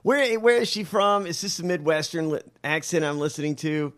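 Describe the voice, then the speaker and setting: A man hosting a podcast who reacts with loud disbelief and constant swearing. His somewhat high voice swings widely in pitch. The commentary is casual and heated. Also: normal speed. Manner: incredulous, animated, swears a lot. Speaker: podcast host.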